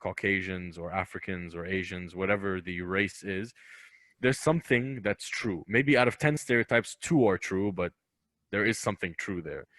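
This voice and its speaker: A man's voice: sits low, a bit bright, dry recording. A man from Lebanon, a comedian guest on a podcast, talking in an emphatic, opinionated way and repeating phrases for weight. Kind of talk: casual podcast chat.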